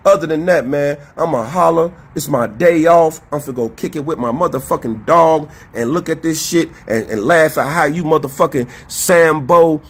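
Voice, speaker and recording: A man's voice: fairly high pitch, normal speed, hardly any pauses, slightly rough. A man co-hosting a podcast, ranting in a profane, confrontational, emphatic way. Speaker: podcast co-host. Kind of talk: heated casual commentary.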